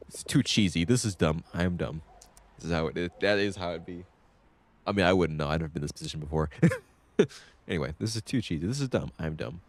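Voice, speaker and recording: Lively low-voiced male game streamer. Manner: lively, reads game lines in his own voice with quick asides. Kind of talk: casual let's-play, reading dialogue aloud.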